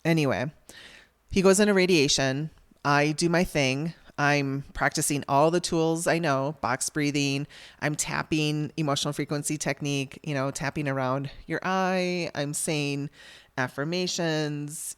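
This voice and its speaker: A woman's voice: deep voice, normal speed, clear, resonant tone, dry recording. A middle-aged woman hosting a podcast, frankly telling a hard personal story with wry laughs and the odd swear word. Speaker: podcast host.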